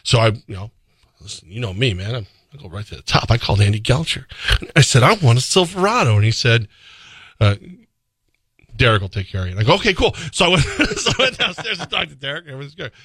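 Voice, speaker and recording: A man's voice: mid-range voice, very animated, quick pace, long pauses, a bit bright, slightly rough, no room sound. A man co-hosting a sports radio show, chatting casually and rambling through a live ad read, laughing easily. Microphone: studio microphone.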